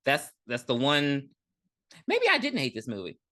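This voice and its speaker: A woman's voice: extremely low pitch, huge pitch swings, moderate pace, sharp tone. A woman co-hosting a podcast, chatting casually about a horror movie in a playful, teasing way. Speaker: podcast co-host. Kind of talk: casual movie review chat.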